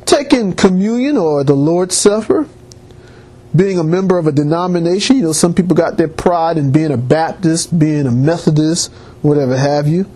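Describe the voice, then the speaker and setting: A man's voice: on the high side, normal speed, slightly rough. A man preaching a sermon with emphatic rises and restarts. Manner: animated preaching, rising emphatic peaks.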